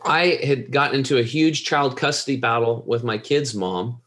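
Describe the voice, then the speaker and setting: A man's voice: medium pitch, normal speed, a bit bright. A man telling a personal story in casual, earnest speech, rambling with restarts and repeated words.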